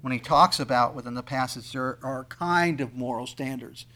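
A man preaching a sermon, swinging between loud emphatic lines and quiet asides, and acting out the voices of the people he quotes. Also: medium pitch, moderate pace. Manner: acts out quoted speakers in conversational tones. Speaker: pastor.

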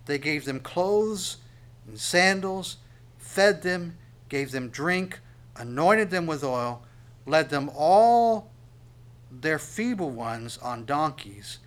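A man preaching a sermon. He reads verses aloud slowly, then explains them in a plain conversational tone, swinging between loud emphatic reading and quiet asides. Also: on the high side, lively intonation.

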